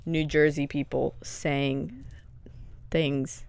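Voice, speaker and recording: A woman's voice: deep voice, steady tone, extremely slow, vocal fry, a little mellow, clean tone, no echo, clean studio sound. A young woman co-hosting a podcast, rambling and self-deprecating in casual chat. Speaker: podcast co-host.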